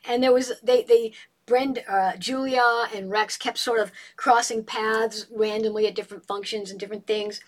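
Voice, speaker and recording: Husky woman retelling a novel. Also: on the high side, normal speed. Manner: animated storyteller, reads passages aloud. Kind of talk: casual book discussion.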